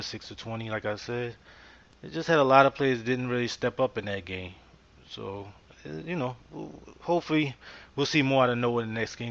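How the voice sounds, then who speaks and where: A man hosting a casual sports podcast, speaking easily in a bright, forward voice. He leans on fillers as he goes. The audio is muffled and lo-fi. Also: medium pitch. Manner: easygoing, many fillers. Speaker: podcast host.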